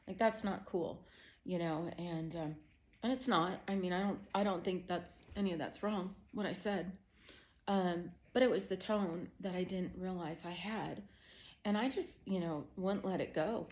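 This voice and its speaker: A middle-aged woman tells a family story in a low-pitched, conversational voice. She speaks as a Christian counselor giving personal testimony, with plenty of "you know" and "um" fillers. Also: steady tone, normal speed, a little mellow. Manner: conversational storytelling, growing emotional.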